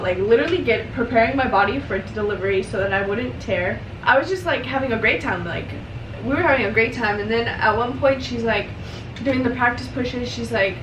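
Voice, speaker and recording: A woman's voice: a little high, noisy background. A young woman casually telling a personal story while doing her makeup, chatty and emotional, with lots of fillers. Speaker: vlogger. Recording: roomy echo, mic at a distance.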